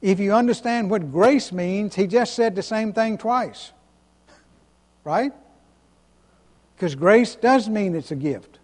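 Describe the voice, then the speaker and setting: Slowly, with long pauses, a pastor whose voice sits high and a little mellow preaches in a big-room sound. He delivers the sermon emphatically, stressing lone words, repeating himself, and asking the congregation to respond to his questions.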